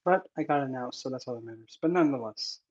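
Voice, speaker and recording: Nervous and emotional, a man exclaims while unboxing his self-published book for a casual vlog. He talks fast in a darkish mid-range voice, and the recording is dull and lo-fi with faint noise.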